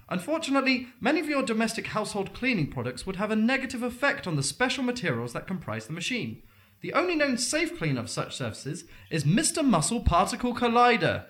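A man's voice: high-pitched, pushed and bright. A man hosting a comedic mock game show in a playful way, often laughing between lines as he reads out the rules.

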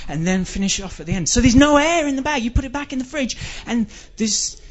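A man with a high voice performs a stand-up rant, exasperated and swearing freely. The recording sounds dull and lo-fi. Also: expressive, quick pace. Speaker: comedian.

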